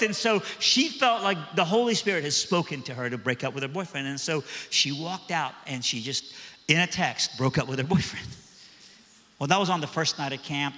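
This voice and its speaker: A man's voice: fairly high pitch, pushed and bright. A man preaching a sermon, telling a story in a conversational way with frequent restarts. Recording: echoey hall.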